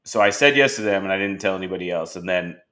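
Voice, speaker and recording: A man hosting a podcast, telling animated stories in casual conversation and acting out the dialogue of the people in them. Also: low-pitched, quick pace. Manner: animated storyteller who acts out quoted dialogue. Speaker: podcast host.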